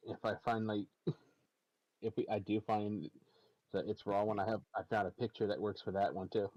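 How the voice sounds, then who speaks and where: A man's voice: on the low side, flat delivery, normal speed, a little mellow, muffled recording. A man streaming in casual chat, narrating what he is doing and laughing often between remarks.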